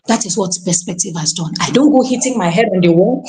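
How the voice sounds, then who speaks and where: Animated Nigerian woman giving a testimony. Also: medium pitch, fast, hardly any pauses. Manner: animated and exclamatory, often calling out "coach", slipping into pidgin phrases. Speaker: podcast guest sharing a testimony. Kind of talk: live-streamed conversational testimony.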